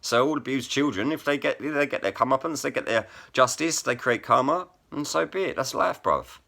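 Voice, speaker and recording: Forceful, sharp-voiced man ranting. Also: medium pitch, brisk, vocal fry. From England. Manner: blunt, heavily profane, repeats "bruv" and "innit". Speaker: vlogger and rap poet. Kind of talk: angry to-camera rant.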